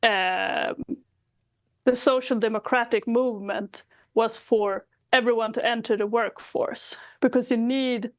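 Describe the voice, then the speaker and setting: A woman's voice: a little high, dry recording. A woman from Sweden chatting thoughtfully as a podcast co-host, laughing often. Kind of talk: casual chat.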